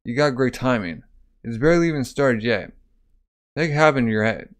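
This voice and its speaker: A man's voice: medium pitch, lively intonation, a little fast, natural voice. A man doing a brash, battle-hungry giant warrior. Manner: brash, teasing. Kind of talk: casual comic read-aloud.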